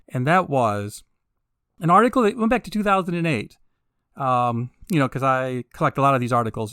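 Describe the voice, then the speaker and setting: A man hosting a podcast in a casual monologue, wry and sarcastic with laughing asides, building to emphatic, drawn-out peaks. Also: mid-range voice, fairly bright tone, smooth, no echo, clean studio sound. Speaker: podcast host.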